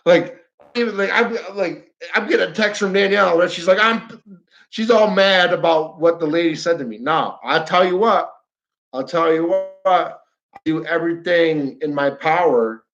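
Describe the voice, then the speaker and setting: New York-accented man, blunt and animated livestream ranter, slightly high voice, muffled audio. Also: normal speed, gravelly. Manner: blunt, animated, repeats himself, talks to chat viewers. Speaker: flat earth livestreamer. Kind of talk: fired-up livestream rant.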